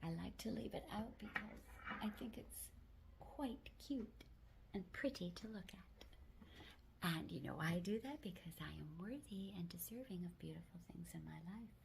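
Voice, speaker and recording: Woman whispering gentle self-help encouragement. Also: mid-range voice, expressive, moderate pace, gravelly, noisy background. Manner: gentle, affirming, mostly whispered with firmer spoken phrases. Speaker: self-help video host.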